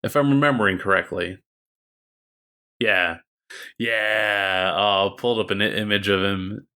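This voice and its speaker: A man's voice: fairly low pitch, measured pace, pushed and bright, smooth. A man co-hosting a casual gaming podcast, bantering with crude jokes. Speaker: podcast co-host. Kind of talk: casual gaming news chat.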